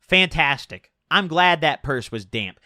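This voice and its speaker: A young man telling a personal story on his channel, animated and exasperated, swearing freely. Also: on the high side, unhurried, dry recording, clean studio sound. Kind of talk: storytime vlog.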